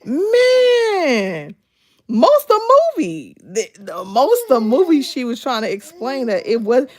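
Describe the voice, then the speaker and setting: A woman's voice: sits high, very animated, measured pace, a little mellow. A woman, hosting a casual livestream chat, laughing often and talking back animatedly to her viewers. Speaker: livestream host. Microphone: phone.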